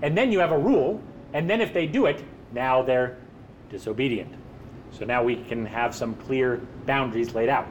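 A man's voice: a little high, a little hiss or hum. A man preaching a sermon in an emphatic way, posing rhetorical questions and answering them himself.

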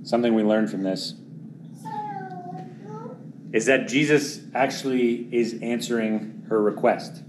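A man preaching a sermon, earnest, often dropping to a hushed voice for dramatic moments and then pushing louder for emphasis. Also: medium pitch, steady tone, measured pace, long pauses, slight background noise. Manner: earnest, swings between quiet dramatic drops and louder emphatic pushes.

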